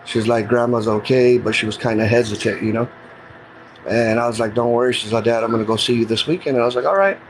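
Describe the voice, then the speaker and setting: A man's voice: mid-range voice, little pitch movement, fast, a little hiss or hum, rough recording. A middle-aged man telling a personal story in a casual, earnest, plain-spoken way, often retelling what people said to him. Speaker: guest telling his story.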